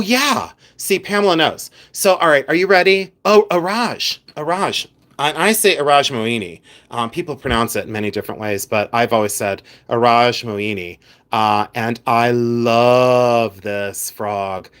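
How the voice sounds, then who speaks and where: A man's voice: mid-range voice, a bit bright. A chatty man hosting a live jewelry stream from his second house, reading viewer comments aloud and teasing people with lots of giggles.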